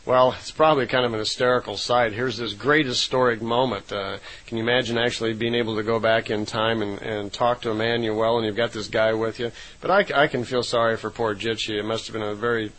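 A man's voice: medium pitch, fairly bright tone, poor audio. A man retelling a story in a loose, unscripted way, with frequent fillers and self-corrections. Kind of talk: casual spoken retelling.

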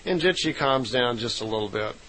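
A man's voice: mid-range voice, animated, fairly quick, a bit bright, poor audio. A man retelling a story in a loose, unscripted way, with frequent fillers and self-corrections. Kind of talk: casual spoken retelling.

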